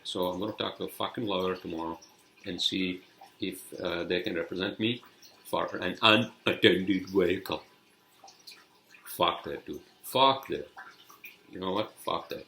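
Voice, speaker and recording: Low-voiced man ranting angrily. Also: moderate pace, pushed and bright, echoey room, slight background noise. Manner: angry, profane, rambling. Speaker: podcast host. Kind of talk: solo podcast rant.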